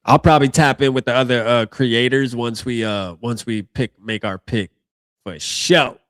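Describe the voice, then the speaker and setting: A man's voice: medium pitch, fairly even intonation, moderate pace, fairly bright tone, no room sound, clean studio sound. A man hosting a live reaction stream, talking casually in slang and thinking aloud as he goes.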